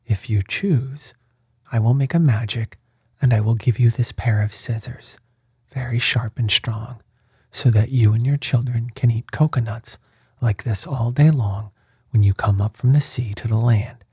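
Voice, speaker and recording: A man voicing a young daughter in a storybook tale, speaking softly and half-whispered. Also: mid-range voice, measured pace, husky, no echo, clean studio sound. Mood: coaxing. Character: gentle young daughter offering gifts.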